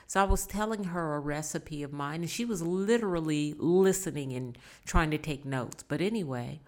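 A woman's voice: deep voice, normal speed, a little mellow. A woman talking casually and earnestly to her viewers, giving life advice and repeating points for emphasis. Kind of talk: casual motivational talk.

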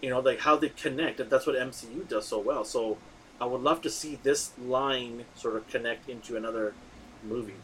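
An excitable man hosting a casual movie chat, rambling along with plenty of fillers and restarts. His voice sits at an ordinary middle pitch. A faint background hiss runs under the talk. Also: moderate pace, poor audio. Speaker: podcast host.

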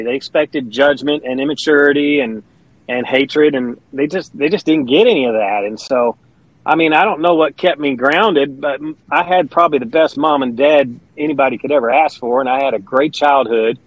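A middle-aged Kentucky man who sings country and pastors tells stories in a casual interview, sounding earnest and chatty. His voice is fairly high-pitched at normal speed, with poor audio and no echo.

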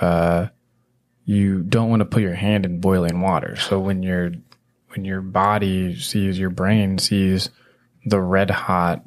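A male podcast host explaining ideas in a rambling, teasing way, with lots of filler words. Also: low voice. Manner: rambling, teasing, heavy "you know" fillers. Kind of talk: casual conversational explaining.

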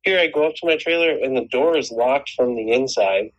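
A man's voice: medium pitch, a little fast, dull audio. A man telling a long personal story in casual chat, rambling and swearing, with many restarts. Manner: rambling, profane, frequent restarts.

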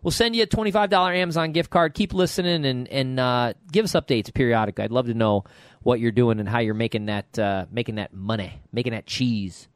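A middle-aged man co-hosting a podcast, chatting casually and telling stories with animated quotes. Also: medium pitch, a little fast, dry recording, studio quality. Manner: lively storyteller, animated quotes. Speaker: podcast co-host.

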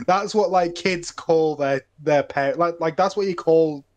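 A young man, a filmmaker guest on a podcast, rambling and animated in casual film talk, laughing often. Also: a little high, a little slow. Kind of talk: casual film review chat.

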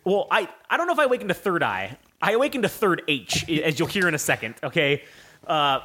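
A man's voice: on the high side, fast. A young man hosting a podcast, telling a long story in a casual, profane way and acting out voices as he goes. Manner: animated, profane, acts out voices in his story. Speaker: podcast host.

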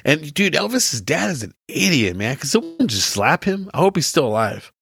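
A man's voice: fairly high pitch, very animated, normal speed, vocal fry, a bit bright. A young man as a podcast guest, chatting casually and enthusiastically, full of slang. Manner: slangy, enthusiastic, says bro a lot. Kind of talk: casual chat.

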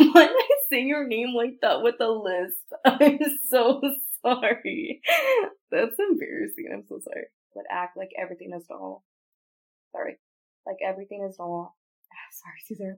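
Woman, podcast host, gravelly voice, laughs and apologizes, restarts lines. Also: medium pitch, a little mellow. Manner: breaks off to retry story lines. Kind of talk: casual podcast outtakes.

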